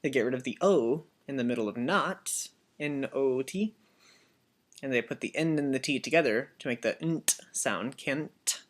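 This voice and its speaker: A teacher giving a Biblical Greek lesson as a voice-over, speaking deliberately and repeating each word so learners can copy it. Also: medium pitch. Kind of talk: slow instructional voice-over.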